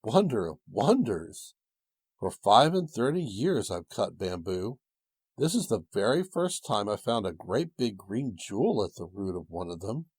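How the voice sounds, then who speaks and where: A man's voice: on the low side, big pitch swings, measured pace, slightly rough, no room sound, exaggerated voice. A man doing a kindly old woodcutter, rustic. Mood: exclaiming. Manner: rustic, exclaiming. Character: humble old male woodcutter, kindly and fretful.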